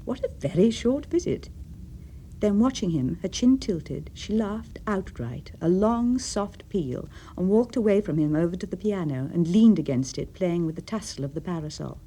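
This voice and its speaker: A woman with an English accent reading a short story aloud for radio, with expressive storytelling. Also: fairly low pitch, moderate pace, few pauses, a little hiss or hum. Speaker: reader.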